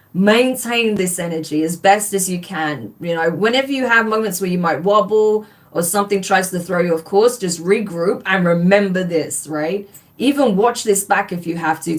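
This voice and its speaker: A woman reading tarot on a live stream, gushing and enthusiastic as she talks straight to her viewers. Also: mid-range voice. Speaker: tarot reader.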